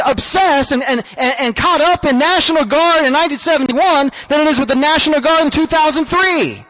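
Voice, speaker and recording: High-voiced ranting man. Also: a bit bright, poor audio. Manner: ranting, sarcastic. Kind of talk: comedic ranting monologue.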